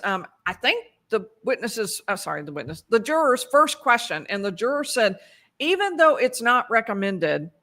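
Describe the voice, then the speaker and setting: Bright-voiced woman recapping a trial. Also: medium pitch. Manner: conversational, self-correcting, dry asides. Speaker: legal commentator.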